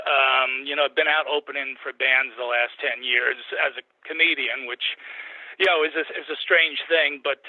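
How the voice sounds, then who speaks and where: A man's voice: mid-range voice, no room sound. Male co-host on a dry, tinny phone line, casual and self-deprecating. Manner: rambling, self-deprecating, full of "you know". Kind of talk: casual chat.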